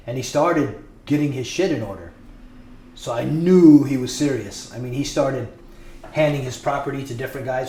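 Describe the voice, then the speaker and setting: A man's voice: medium pitch, normal speed, a little mellow. Blunt, profane man in an echoey room. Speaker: former prisoner telling his story. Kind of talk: casual podcast storytelling. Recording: echoey room with faint noise.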